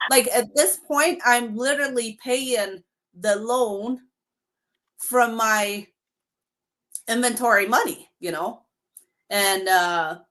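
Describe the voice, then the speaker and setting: During a casual live stream, a woman with a mid-range, fairly bright voice shares her own story as spoken testimony. She speaks emphatically and quotes the exact words of the people she dealt with.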